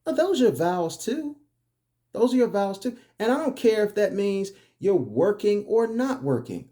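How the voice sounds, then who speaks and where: Emphatic lecturing man, lively pitch. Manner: emphatic, repetitive rhetorical questions. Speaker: commentary host. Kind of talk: preachy monologue on relationships.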